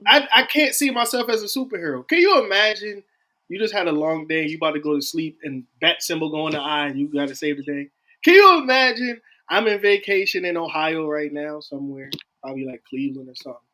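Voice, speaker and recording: A man guest, telling a story in animated, casual chat. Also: high-pitched. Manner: animated, storytelling, laughs while talking.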